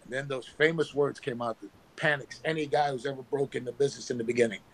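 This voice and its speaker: A former pro wrestler telling animated stories with sound effects, talking on his phone from work. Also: mid-range voice, fast, poor audio. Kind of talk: casual storytelling.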